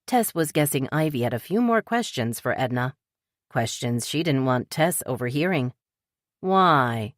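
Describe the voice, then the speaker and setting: A woman narrating a cozy mystery audiobook with lively character reading. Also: extremely low pitch, normal speed, dry recording, clean studio sound. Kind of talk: scripted narration.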